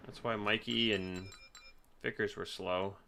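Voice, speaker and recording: A man's voice: on the low side, steady tone, unhurried, creaky, sharp tone, a little hiss or hum. A young man casually commenting on his sim racing game, laid-back and rambling.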